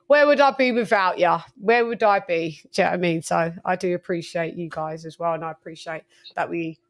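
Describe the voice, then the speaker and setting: A woman's voice: lowish voice, a little fast. A woman hosting a casual boxing talk stream, chatty and swearing freely. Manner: chatty, swears freely, lots of "you know what I mean". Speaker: boxing show host. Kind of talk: casual live-stream chat.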